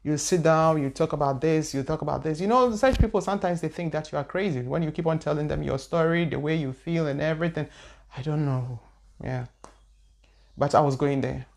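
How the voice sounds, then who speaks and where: A woman's voice: low-pitched, a little fast, vocal fry, a little mellow. A woman spiritual teacher telling her own story in an earnest, repetitive way. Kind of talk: personal testimony talk.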